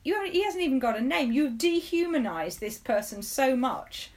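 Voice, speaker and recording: Earnest woman, higher voice. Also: expressive, normal speed, a little mellow. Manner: earnest, emotional, long-winded. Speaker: podcast co-host. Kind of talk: casual chat reviewing a TV episode.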